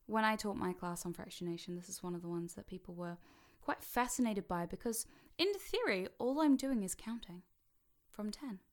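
A woman leading a playful hypnosis induction, teasing and mischievous, sliding between a soft whisper and a brighter speaking voice. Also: mid-range voice, animated, normal speed.

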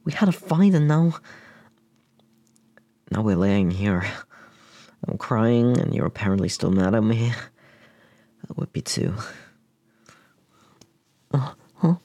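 A man's voice: on the low side, lively intonation, slow pace, long pauses, dark tone, no echo. A man in an intimate whispered role-play, speaking hesitantly to the listener and often dropping to a whisper.

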